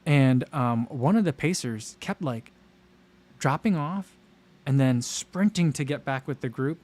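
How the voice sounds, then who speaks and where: A man's voice: medium pitch, lively intonation, a little slow, darkish tone. A man in his thirties hosting a casual livestream, chatting in a rambling way and reading viewer comments aloud. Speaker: livestream host.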